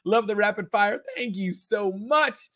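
Energetic, high-voiced male live-stream host. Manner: energetic and chatty, repeats words for emphasis; rapid-fire answers with casual slang. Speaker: host of a live online business summit. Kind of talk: live-stream Q&A, reading out and answering viewer questions.

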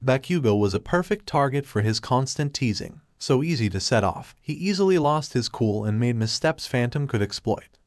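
A man's voice: mid-range voice, a little mellow, dry recording. Dry-voiced male fanfiction narrator. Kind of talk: reading fanfiction aloud.

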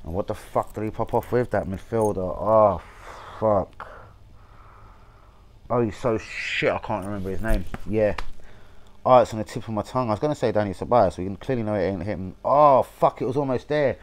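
Sweary bloke rambling about football. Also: male voice, on the low side, moderate pace, a little hiss or hum, low-quality recording. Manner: rambling, swearing, forgetful asides. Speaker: football fan vlogger. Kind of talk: casual sweary football chat.

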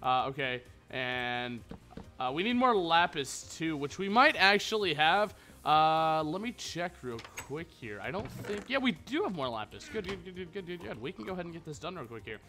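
Narrating his own Minecraft let's play with background music playing, a young gaming YouTuber rambles and jokes crudely. He speaks at a moderate pace in a sing-song, pushed, bright voice that sits on the high side.

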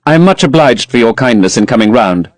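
A man voicing a tired, secretive young gentleman in an audiobook, speaking curtly. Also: mid-range voice, expressive, a little fast, no echo, close to an everyday voice. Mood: weary. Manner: tired, curt.

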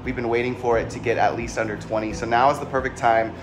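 A man's voice: medium pitch, quick pace. Hyped man presenting over music. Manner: energetic, hyped, promotional. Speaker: family vlogger. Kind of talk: casual vlog presenting. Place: home garage. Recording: background music under voice.

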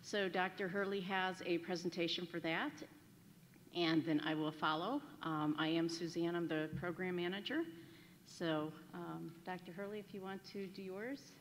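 A woman's voice: on the low side, fairly even intonation, moderate pace, slight background noise. A woman program manager making casual announcements at a ceremony, introducing staff and volunteers with a few fillers. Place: large hall at a graduation ceremony. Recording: echoey hall with faint ambience.

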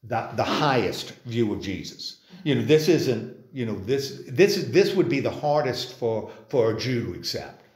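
A man's voice: medium pitch, big pitch swings, normal speed, hardly any pauses, a little mellow, reverberant. Man teaching a church Bible class. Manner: conversational, many restarts, asks the group questions. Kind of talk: informal Bible study class. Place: church meeting room.

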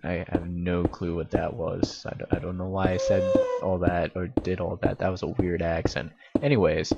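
A man giving casual, excitable and rambling commentary while playing a video game. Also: deep voice, normal speed, creaky, lo-fi sound, very noisy. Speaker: gaming YouTuber.

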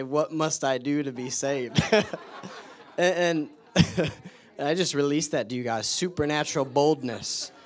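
A man with a slightly higher voice preaches in church. He laughs often as he tells his stories, then turns to fervent prayer. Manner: laughs often, excited storytelling. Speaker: guest preacher. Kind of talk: sermon storytelling and prayer.

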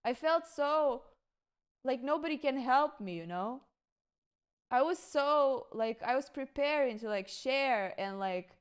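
A woman streamer telling a story in casual chat, rambling with lots of fillers, swearing freely and laughing between thoughts. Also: high-pitched. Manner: rambling, filler-heavy and profane, breaking into laughter.

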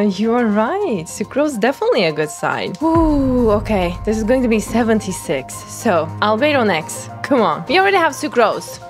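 A young woman streamer giving excitable commentary on her game pulls, pleading and squealing as the results come in. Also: a little high. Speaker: gaming content creator. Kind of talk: excited gacha-pull commentary.

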